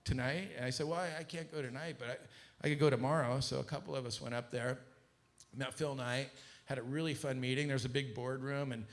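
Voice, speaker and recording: A middle-aged man from Southern California telling a business story to an audience, acting out the quoted voices with a rising pitch. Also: fairly quick. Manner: animated, acts out quoted dialogue with rising pitch. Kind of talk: casual storytelling talk to an audience.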